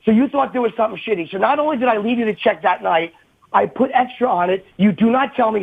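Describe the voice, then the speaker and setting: A man's voice: very high voice, fast talker, gravelly, husky. A middle-aged comedian calling in by phone, arguing heatedly and defensively and talking over the other man. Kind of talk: heated on-air argument. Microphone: phone call-in. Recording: tinny phone line.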